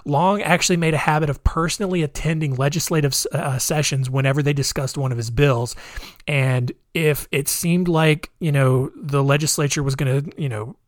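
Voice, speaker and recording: A man recounts a history story in a loose, conversational way, full of fillers and wry asides. His pitch sits in the middle range. The recording is dry and close. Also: no echo.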